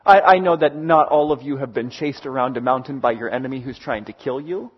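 A man's voice: mid-range voice, fairly quick, breathy edge, highs cut off. A man preaching a sermon in a conversational, storytelling way, with frequent hesitant fillers. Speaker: pastor.

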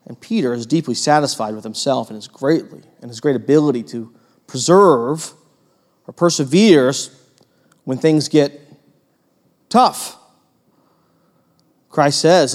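A man preaching a sermon as pastor, animated, acting out quoted voices and putting questions to the congregation. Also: fairly high pitch, normal speed, long pauses. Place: church hall with long reverb. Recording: long hall reverb.

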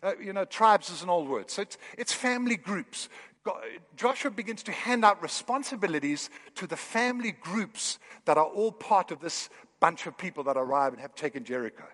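High-voiced man preaching in a hall. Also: moderate pace. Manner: animated preaching, building emphasis. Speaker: pastor. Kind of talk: sermon. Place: church hall.

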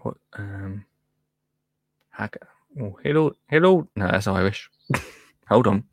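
A man's voice: lowish voice, flat delivery, slow, no echo. A man presenting gardening tips on a live stream in a chatty, easily sidetracked way, laughing often. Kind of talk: casual live chat.

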